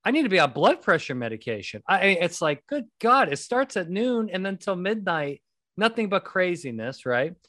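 A man's voice: high-pitched, very animated, normal speed, fairly bright tone, no echo, clean studio sound. A middle-aged man hosting a podcast, chatting casually and telling rambling, self-deprecating stories with jokes. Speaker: podcast host. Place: home podcast studio.

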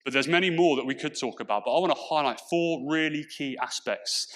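English guy preaching, bright forceful tone, asks the room stuff a lot. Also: fairly high pitch, brisk. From Portsmouth, England. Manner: emphatic preaching with rhetorical questions. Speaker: pastor. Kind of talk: sermon.

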